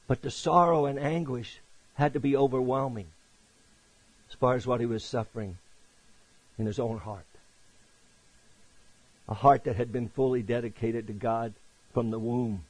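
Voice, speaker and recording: A man preaching a sermon. He reads scripture aloud, rising to loud emphatic peaks and then dropping to hushed, low passages. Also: breathy edge, no room sound, low-quality recording.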